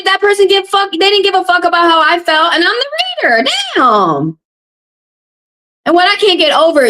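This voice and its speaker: In an extremely high, fairly bright voice, a woman tarot reader from the American South rants to her live-stream chat. As host, she's upset and confrontational, going back over the same things.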